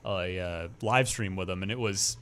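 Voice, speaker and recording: A man's voice: deep voice, moderate pace, a bit bright, slight background noise. A man hosting a casual gaming podcast, chatting loosely and steering the news segment. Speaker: podcast host.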